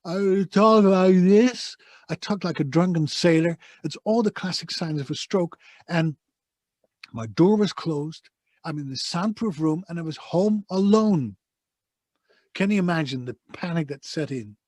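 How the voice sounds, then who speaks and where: Man, Dutch accent, husky, fairly high voice, emphatic storyteller, dry studio sound. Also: expressive, moderate pace, a little mellow, no room sound. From Netherlands. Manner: passionate, emphatic, vivid storyteller. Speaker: voice-over artist guest. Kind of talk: conversational interview storytelling. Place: soundproof home studio booth.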